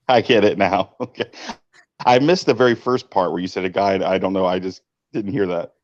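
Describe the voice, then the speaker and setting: A man co-hosting a casual podcast, teasing and reacting quickly. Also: sits low, steady tone, highs cut off. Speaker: podcast co-host.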